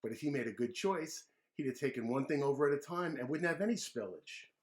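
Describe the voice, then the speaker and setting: A man reading a picture book aloud to children, gently pausing to ask them questions. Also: mid-range voice, lively intonation, slight background noise. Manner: gentle, asks kids questions. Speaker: children's storyteller.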